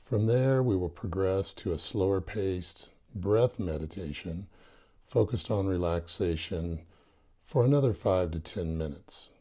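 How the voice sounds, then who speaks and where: A man leading a guided meditation, calm and soft-spoken with touches of light humor. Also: deep voice, a little slow. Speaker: meditation teacher.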